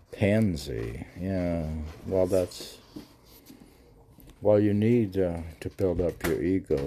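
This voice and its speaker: A man's voice: deep voice, mellow. A man hosting a podcast, casually reading poetry aloud and mocking himself in a back-and-forth with his own questions. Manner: self-mocking, argues with himself in question and answer. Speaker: podcast host.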